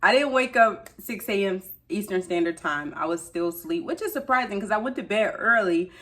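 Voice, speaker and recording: A woman's voice: medium pitch, animated, a little fast, a bit bright. A woman, ranting in a casual vlog and talking straight to her viewers with slangy asides. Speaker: beauty shopping vlogger.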